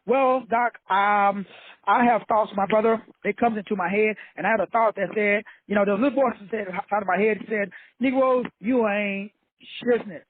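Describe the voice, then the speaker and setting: A man's voice: high-pitched, steady tone, moderate pace, dry recording. A man mimicking a troubled grown man who hesitantly confides his doubts to a mentor. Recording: tinny phone-like dry sound.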